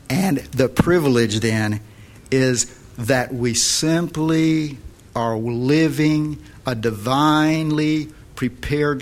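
A man hosting a Christian talk show, giving encouraging advice to a caller and then leading a prayer. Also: medium pitch. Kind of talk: pastoral advice and closing prayer.

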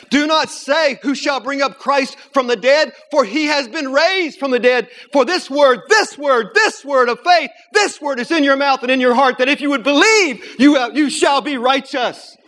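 A man preaching a sermon, moving between quiet storytelling and loud, climbing emphasis. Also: very high-pitched. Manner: builds from hushed storytelling to loud, rising preaching.

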